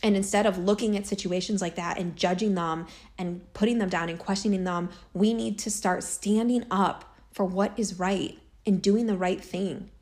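A woman's voice: medium pitch, steady tone, normal speed, a little mellow. A woman vlogger telling a personal story in a casual, earnest way, full of fillers and asides. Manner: earnest, chatty, many fillers like "like" and "you know".

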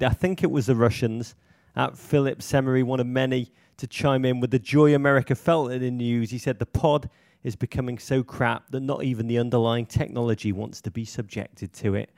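A man's voice: mid-range voice, steady tone, a little fast, darkish tone, dry recording, clean studio sound. A British man co-hosting a comic podcast, talking in grandiose, theatrical phrases. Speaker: podcast co-host.

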